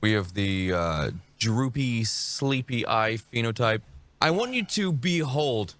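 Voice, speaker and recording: A man's voice: mid-range voice, expressive, slow, fairly bright tone. A man streaming reaction commentary, mocking and sarcastic, dropping profanity as he talks over a video.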